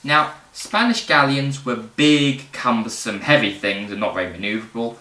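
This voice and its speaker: A man presenting history in casual educational storytelling, animated and rambling, with fillers and jokes. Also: mid-range voice, normal speed. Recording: roomy, distant mic.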